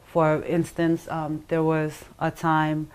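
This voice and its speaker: Middle-aged woman in an interview, lowish voice, halting, keeps stopping and restarting. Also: completely flat delivery, a little mellow, smooth. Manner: halting, acts out voices of others while telling. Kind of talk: emotional personal account.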